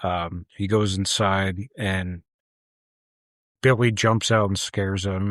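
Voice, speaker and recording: Casting: low male voice, relaxed podcast co-host, lively recap, dry sound. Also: takes it slowly, no room sound. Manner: animated retelling with acted-out quotes. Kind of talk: casual film recap chat.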